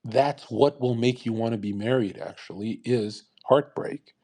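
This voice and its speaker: A man's voice: medium pitch, unhurried, warm tone. A young man giving a provocative, crude, preachy monologue on a live voice call. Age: young adult. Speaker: speaker on a live audio call. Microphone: online voice call.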